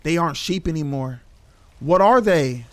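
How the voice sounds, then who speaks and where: A man's voice: a little high, animated, moderate pace. A young man streaming a horror game, reacting casually with slang and talking to his chat. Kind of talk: live gameplay commentary.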